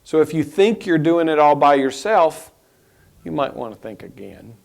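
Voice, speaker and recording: A man teaching a spiritual lesson in a reflective, unhurried way, pausing and restarting his thoughts. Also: a little high, expressive, gravelly.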